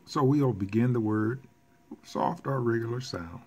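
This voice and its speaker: A man teaching a recorded language lesson, explaining rules deliberately with casual asides and self-corrections. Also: medium pitch, darkish tone, husky. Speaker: Spanish teacher.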